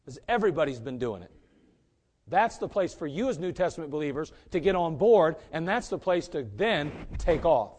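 A man preaching a sermon as pastor, emphatic and rising to loud peaks. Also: fairly high pitch, big pitch swings, moderate pace.

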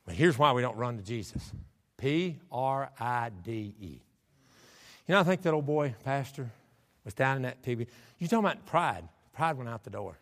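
A man's voice: mid-range voice, expressive, moderate pace. A male pastor preaching a fervent sermon in a church, calling on the congregation to answer back. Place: church sanctuary. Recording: echoey church sanctuary.

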